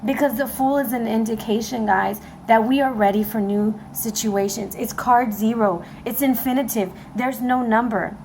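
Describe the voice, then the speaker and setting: A woman giving a casual tarot reading to camera, excitable and emotional, talking straight to her viewers. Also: a little high, moderate pace, few pauses, slight background noise, poor audio. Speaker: tarot reader. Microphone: camera mic.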